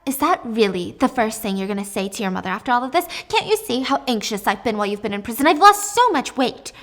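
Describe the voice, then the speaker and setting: A woman voicing a fussy, self-pitying mother with a shrill, whiny voice. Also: lively intonation, quick pace, fairly bright tone.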